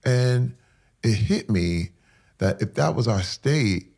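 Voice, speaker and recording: Earnest gravelly man telling his story. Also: mid-range voice, expressive, slow. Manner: earnest, emphatic, repeats phrases for stress; drops to a hushed whisper at moving moments. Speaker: interview guest. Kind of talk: candid personal storytelling.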